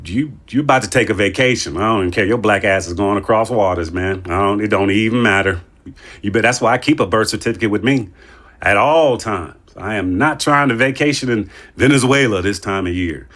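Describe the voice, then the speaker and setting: A man's voice: lowish voice, animated, fairly quick, fairly bright tone. A man hosting a podcast in casual chat, joking and rambling with playful asides. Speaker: podcast host.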